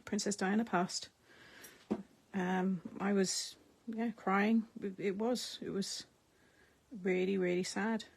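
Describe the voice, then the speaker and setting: A middle-aged woman chats away to her viewers while she crafts. Her voice is gravelly and a little husky. She rambles, laughs often and lets sentences trail off. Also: mid-range voice. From United Kingdom. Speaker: craft live-stream host. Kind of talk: casual chat while crafting, replying to viewer comments.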